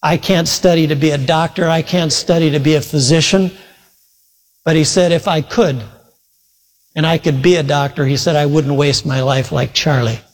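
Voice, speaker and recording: A man's voice: on the high side, steady tone, moderate pace. A male preacher earnestly retelling a story in a sermon, quoting voices as he goes. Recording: long reverb from a large hall.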